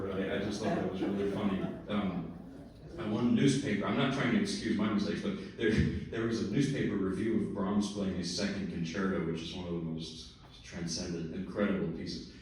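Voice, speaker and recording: A man's voice: low voice, heavy reverb, recorded from a distance, poor audio. A man, a pianist, chatting between pieces at a recital and telling stories with easy asides. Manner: relaxed storytelling with laughs and asides. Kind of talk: lecture-recital remarks. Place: recital hall.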